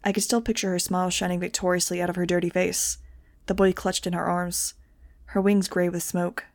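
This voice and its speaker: Woman reading a novel in a low, flat voice. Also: fairly quick, dry recording, clean studio sound. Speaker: audiobook reader. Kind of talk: first-person novel narration.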